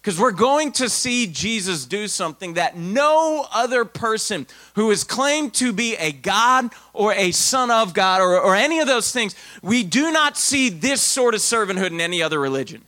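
A married man preaching a sermon in a conversational way, with sudden loud bursts of emphasis. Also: high voice, animated, moderate pace, few pauses, no room sound. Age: adult, married. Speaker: pastor.

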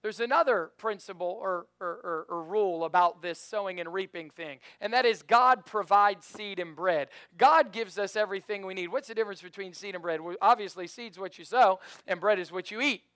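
A man preaching a sermon in a church, rousing the congregation to call and response. He rises to loud emphatic peaks and drops to quiet storytelling. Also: high voice, a little fast, hardly any pauses, clear, resonant tone, no echo, studio quality. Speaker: pastor.

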